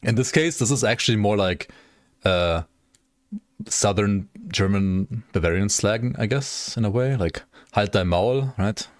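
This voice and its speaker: Low-voiced young male streamer, dry sound. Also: unhurried, no room sound. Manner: rambling, laughing, swearing freely. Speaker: gaming streamer. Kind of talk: casual livestream chat.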